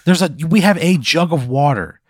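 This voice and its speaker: A man's voice: a little high, lively intonation, normal speed, dry recording. A man on a comedy podcast, ranting indignantly and cursing in banter. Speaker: podcast co-host.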